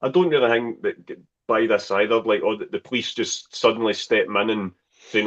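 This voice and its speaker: Male podcast co-host, low pitch, exasperated tone, muffled lo-fi sound. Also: brisk, fairly bright tone. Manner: exasperated, dismissive. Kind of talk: casual football podcast chat. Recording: dull lo-fi podcast audio.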